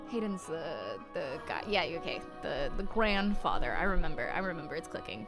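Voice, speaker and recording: A woman's voice: sits low, very animated, fairly quick, hardly any pauses, a bit bright, soft background music. A woman from the American South chatting casually as she plays through a visual novel, rambling and self-deprecating about her voice acting. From Southern United States. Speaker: gaming streamer. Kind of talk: casual let's-play commentary.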